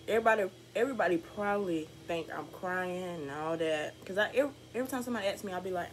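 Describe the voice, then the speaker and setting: A young woman talks to her camera in a chatty, candid, upbeat way. Her voice sits a little low for a woman. A faint hiss runs under the recording. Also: racing, hardly any pauses, poor audio. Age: young adult. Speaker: vlogger. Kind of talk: casual vlog talk to camera.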